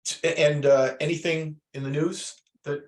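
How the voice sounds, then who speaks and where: A man's voice: fairly high pitch, fairly even intonation, measured pace. Older male instructor, loose rambling lecture delivery. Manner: rambling, with many fillers and restarts. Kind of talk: class lecture.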